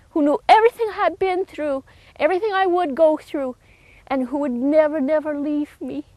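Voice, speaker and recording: Middle-aged woman with a high voice telling her testimony with dry, close sound, earnest and a little halting. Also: dry recording. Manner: earnest and heartfelt, with halting restarts. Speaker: speaker giving a personal testimony. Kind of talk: emotional personal testimony.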